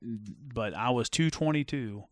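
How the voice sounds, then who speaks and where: A middle-aged former football player telling stories in a casual chat, animated and full of fillers. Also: male voice, mid-range voice, a little slow, no room sound. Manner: animated storyteller with many fillers. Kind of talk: casual storytelling.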